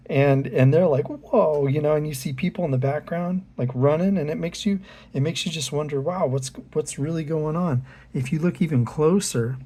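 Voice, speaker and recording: Guy flipping through an art book on his channel, talks straight to viewers, soft husky voice. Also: medium pitch. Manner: chatty, addresses viewers directly. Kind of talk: casual art book walkthrough.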